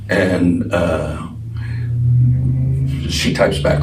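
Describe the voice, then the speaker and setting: A man's voice: low-pitched, steady tone, moderate pace. A man telling a personal story to a group in a casual, rambling way, with laughs and many fillers. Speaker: speaker sharing a personal story. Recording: roomy sound from a distance with clear background noise.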